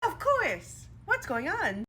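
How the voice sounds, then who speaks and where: A woman's voice: very high voice, wildly swooping pitch, takes it slowly, pushed and bright, a little hiss or hum, pitched above the performer's own voice, full character voice. A woman playing a fake-sweet female district manager with a saccharine manner in a comedy skit. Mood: sugary. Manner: saccharine, then snippy. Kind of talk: comedy skit role-play.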